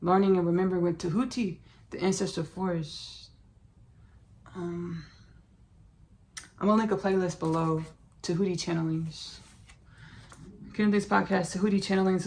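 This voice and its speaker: A woman's voice: fairly low pitch, creaky, darkish tone, slight background noise. A woman hosting a podcast in casual spiritual talk, effusive and rambling, repeating herself and calling listeners "baby" and "y'all". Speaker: podcast host.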